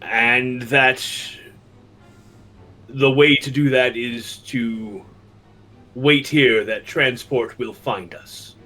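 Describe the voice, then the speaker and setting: A man playing a tabletop game, speaking hesitantly with many pauses and ums. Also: mid-range voice, fairly even intonation, bright, forceful tone. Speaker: player.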